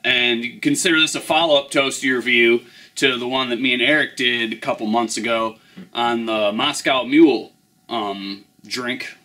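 Male host for a casual drink review, easygoing, mid-pitched, chatty with fillers. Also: steady tone, moderate pace, bright, forceful tone. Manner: laid-back, rambling with fillers.

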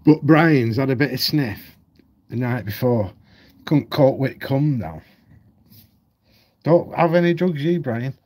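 A man's voice: medium pitch, lively intonation, measured pace, pauses often, darkish tone, slightly rough. A man ranting at home on his channel, blunt, heated and full of swearing. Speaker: vlogger. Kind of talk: ranting commentary.

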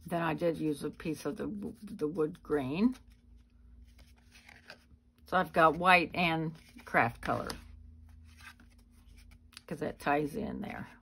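A woman hosting a craft channel, giving a chatty, unhurried show-and-tell of her handmade cards. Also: deep voice, fairly bright tone, a little hiss or hum. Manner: chatty, unhurried walk-through. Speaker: card-making channel host.

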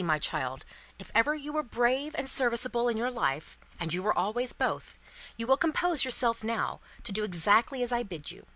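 A woman's voice: mid-range voice, pushed and bright, low-quality recording. A woman voicing an anxious, commanding old male banker in a storybook reading, giving urgent commands.

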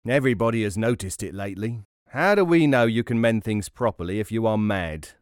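A man's voice: fairly low pitch, lively intonation, fairly quick, clear, resonant tone, no echo, clean studio sound, natural voice. A man doing sneering country folk. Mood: scornful. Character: suspicious, mocking adult male countrymen.

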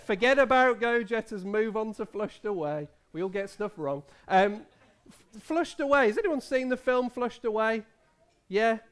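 A man's voice: sits high, a bit bright. A man in his thirties, a pastor leading a playful quiz with children in a church service. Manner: playful, quizzing the children, many restarts and laughs. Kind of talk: family service talk with children. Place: church hall.

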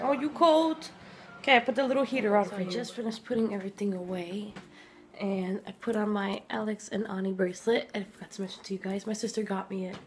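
A woman vlogging at home, chatting excitedly about her presents and sometimes dropping to a whisper. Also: medium pitch. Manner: gushing, chatty, drops to soft whispers. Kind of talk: casual vlog chat. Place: home, indoors.

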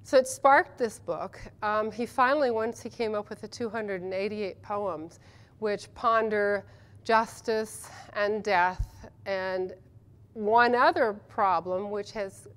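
A woman's voice: mid-range voice, fairly even intonation, takes it slowly, a bit bright. A woman who translates literature, speaking at a conference panel in a chatty, enthusiastic way with many ums and restarts. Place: conference session room.

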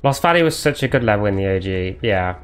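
A man's voice: lowish voice, lively intonation, fast, clean tone, soft background music. A man streaming a video game live, commentating and trading sarcastic jokes with his chat. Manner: joking, sarcastic banter with chat. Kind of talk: live gameplay commentary chatting with viewers.

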